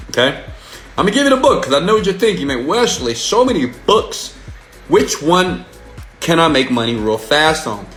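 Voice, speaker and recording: A man hosting a screen-share tutorial on making money online, hyped and playful, repeating points slowly for emphasis. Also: medium pitch, fairly bright tone, reverberant. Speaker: online marketing vlogger.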